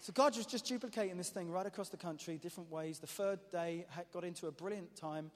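A man preaching a testimony as an animated, self-mocking storyteller, often restarting his sentences. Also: high voice, quick pace, slight background noise. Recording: echoey hall reverb.

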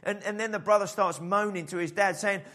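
A man preaching a sermon in an animated style, acting out the voices in the story. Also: sits high, a little fast. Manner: animated preaching, acts out the father's voice. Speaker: pastor.

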